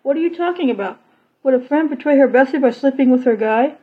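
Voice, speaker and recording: A scheming young villainess who taunts her old friend with spite and mockery, as a woman reading the story puts her on. The voice sits a little high. The recording sounds dull and lo-fi. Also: fast, lightly acted. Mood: taunting. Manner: taunting, mocking.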